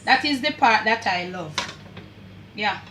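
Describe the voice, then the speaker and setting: An older Jamaican-accented woman hosts a cooking channel demonstration from her home kitchen, speaking at a medium pitch in an animated, unhurried way. She's chatty and full of patois asides as she directs the camera, and the roomy audio carries a noisy background.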